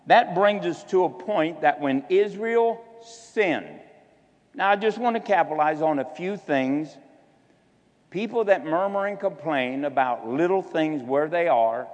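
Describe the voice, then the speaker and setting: Slow-preaching man in a reverberant hall. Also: fairly high pitch, expressive, darkish tone. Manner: exhorting, shifts between slow drawn-out emphasis and quick asides. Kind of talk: sermon.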